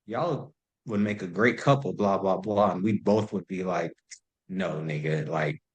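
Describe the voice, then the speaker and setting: A man's voice: on the low side, moderate pace, rough recording. A man in his thirties, a podcast guest, telling stories in loose, profane casual chat full of "like". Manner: loose and profane, heavy use of "like".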